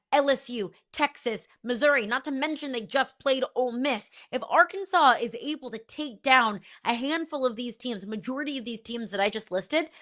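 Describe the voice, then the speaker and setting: A woman's voice: a little high, fairly bright tone. A woman co-hosting a sports talk show, arguing her case emphatically and rattling off stats. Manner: emphatic, rhetorical, lists stats. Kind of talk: argued sports pitch.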